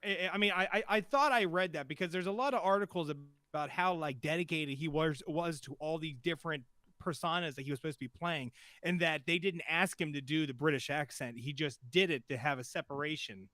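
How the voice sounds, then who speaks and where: A man's voice: on the high side, brisk, sharp tone, no room sound. A man co-hosting a podcast, musing about a TV episode in casual chat with a hesitant, speculative manner. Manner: hesitant, many fillers and restarts, speculative. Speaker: podcast co-host.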